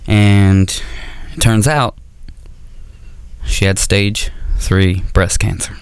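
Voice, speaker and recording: Low-voiced stand-up comedian. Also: male voice, fairly even intonation, extremely slow, clear, resonant tone, no echo. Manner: self-deprecating, dark-humored, rambling. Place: comedy auditorium stage.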